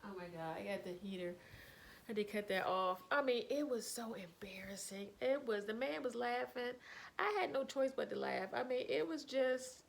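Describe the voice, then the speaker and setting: A woman in her fifties telling embarrassing stories in a casual vlog, animated and quick to laugh. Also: creaky. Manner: animated, laughs often, jumps into high quoted voices. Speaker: vlogger. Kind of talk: casual storytelling.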